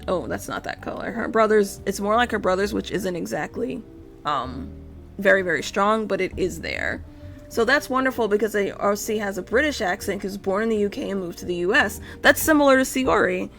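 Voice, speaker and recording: A woman's voice: mid-range voice, animated, fairly quick, gravelly, fairly bright tone, soft background music. A young adult woman streaming live, chatting casually and rambling while she draws, with frequent self-interruptions and casual swearing.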